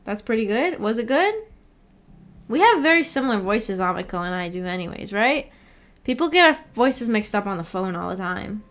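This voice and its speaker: A woman's voice: mid-range voice, big pitch swings, moderate pace, a bit bright. A woman streamer in casual livestream chat, rambling, giggling and correcting herself as she goes.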